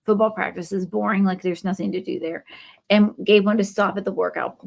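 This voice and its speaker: A woman's voice: medium pitch, steady tone, fairly quick, creaky. Midwestern woman, 30s, craft livestream host. Rambling storyteller who talks to her viewers by name. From Ohio. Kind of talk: chatty live craft stream.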